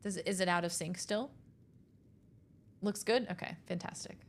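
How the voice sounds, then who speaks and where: A young adult woman streaming a game, chatting casually with her chat, excitable and easily rattled. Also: on the low side, a little slow, a little hiss or hum.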